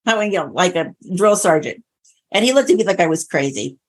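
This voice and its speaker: A woman's voice: on the low side, brisk. A woman guest who coaches clients on diabetes-friendly meals, talking in a chatty, storytelling way in an interview. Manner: chatty storyteller, animated retellings. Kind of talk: conversational interview.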